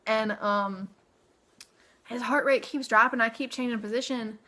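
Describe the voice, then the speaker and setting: A woman's voice: fairly high pitch, steady tone, unhurried, sharp tone. A young woman telling a personal story to camera in a chatty way, with lots of "like" and "okay?" asides. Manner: chatty, frequent "like" and "okay?" tag questions. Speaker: vlogger.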